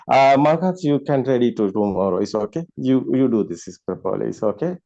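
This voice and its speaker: Halting man on a muffled call. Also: mid-range voice, expressive, vocal fry, warm tone. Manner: halting, many fillers, frequent laughs. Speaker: discussion host. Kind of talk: casual video call discussion. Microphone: video call. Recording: muffled video call audio.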